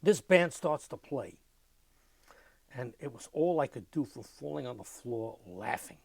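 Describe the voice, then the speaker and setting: An older man giving an oral history interview, telling lively anecdotes and mimicking music with his voice. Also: mid-range voice, measured pace, gravelly, dry recording.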